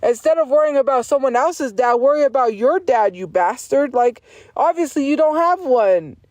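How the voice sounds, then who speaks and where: A woman's voice: high-pitched, expressive, normal speed, a little mellow, no room sound. A woman livestreamer ranting at her chat in a profane, insistent and defiant way, repeating her points over and over.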